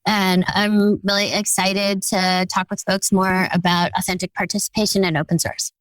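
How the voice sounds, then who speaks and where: A woman's voice: mid-range voice, level tone, moderate pace, no room sound, rough recording. A woman introduces herself in an upbeat, direct way, in a middle register. Her voice is recorded close and dry. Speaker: podcast guest.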